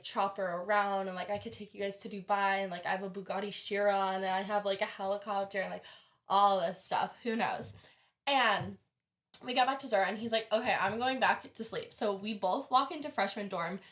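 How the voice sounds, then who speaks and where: A young woman, a college student, telling a long story in casual chat, lively and full of "like," acting out what others said. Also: medium pitch. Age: young adult. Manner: animated, heavy use of "like", acts out quoted voices. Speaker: podcast guest.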